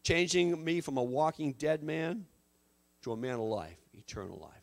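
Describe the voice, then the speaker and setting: A man preaching from the pulpit of a church with a notably high voice. He delivers his sermon with fervor, circling back and repeating phrases for emphasis. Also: animated, normal speed, gravelly. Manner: impassioned, repetitive preaching with restarts. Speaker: pastor. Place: church sanctuary.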